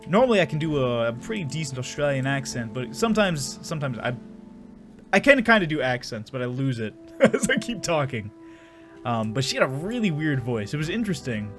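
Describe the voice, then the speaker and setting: A man's voice: mid-range voice, very animated, fairly quick, music in the background. A young man rambling and joking crudely while commenting on his game. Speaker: gaming streamer. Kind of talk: casual let's-play commentary.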